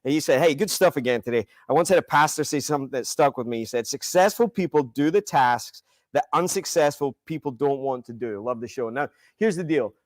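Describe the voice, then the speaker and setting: A man co-hosting a podcast in casual chat, talking in an enthusiastic, animated way. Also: medium pitch, a little fast, dry recording, clean studio sound. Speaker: podcast co-host.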